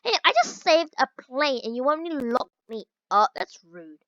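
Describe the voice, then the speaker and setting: A woman playing a game and reading its dialogue aloud, mixing in quick exclamations of her own. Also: high voice, big pitch swings, a bit bright, dry recording. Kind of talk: let's-play commentary. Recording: dull lo-fi recording.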